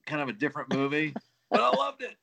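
A man's voice: on the high side, very animated, fast talker, gravelly, a crowd in the background. A man co-hosting a podcast in casual chat, talking enthusiastically and with lots of exclamations. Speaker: podcast co-host.

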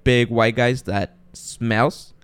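A man hosts a casual podcast chat, telling his story with animated energy, acting out other people's voices and swearing freely. His voice sits at an ordinary middle pitch and sounds smooth and resonant. The recording is dry and close, with no room sound. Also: drawn-out words, no room sound. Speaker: podcast host.

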